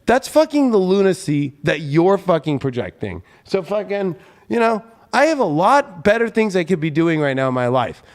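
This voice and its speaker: A man with a high voice delivers an angry, heated livestream rant, swearing constantly at his viewers. He sounds like a tarot host who has run out of patience. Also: sing-song, normal speed, hardly any pauses. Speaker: astrologer and tarot reader hosting his channel.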